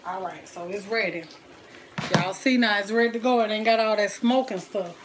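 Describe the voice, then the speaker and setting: A woman talking to viewers in a relaxed way while she cooks in her home kitchen, with frying sizzling behind her. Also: mid-range voice, normal speed, background noise. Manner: chatty, talks to viewers and family at home. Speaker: cooking vlogger. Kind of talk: casual cooking vlog.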